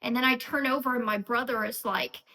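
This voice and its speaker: Woman vlogger, raised pitch and bright tone; earnest, emotional and rambling, talking straight to camera. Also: steady tone, fairly quick, low-quality recording. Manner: frequent fillers and restarts. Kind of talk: unscripted personal vlog.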